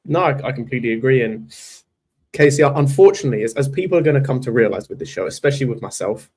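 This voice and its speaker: Husky fast-talking man. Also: mid-range voice, animated, darkish tone. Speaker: fan channel panelist. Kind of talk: casual football chat.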